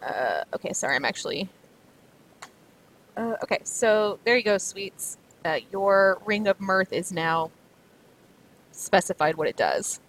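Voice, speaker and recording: A woman running a tabletop game as game master, talking in a loose, chatty way. Her pitch sits in the middle range. She often stops to rephrase herself. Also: animated, measured pace, long pauses, a little hiss or hum, poor audio. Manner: chatty, full of fillers and restarts.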